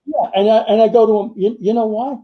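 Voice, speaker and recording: An older man with a fairly high voice tells rambling stories from his working years, his talk packed with fillers and quoted lines. The recording is muffled and lo-fi. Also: quick pace. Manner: rambling anecdotes with many fillers and quoted dialogue. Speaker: retired firefighter and author, guest. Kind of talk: storytelling in a casual interview. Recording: muffled lo-fi audio.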